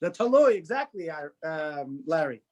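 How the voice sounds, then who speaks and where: A man's voice: on the high side, sing-song, moderate pace, a loud crowd. A man teaching a religious class in a loose, conversational way, often restarting sentences and putting questions to the students. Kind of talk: informal classroom lecture.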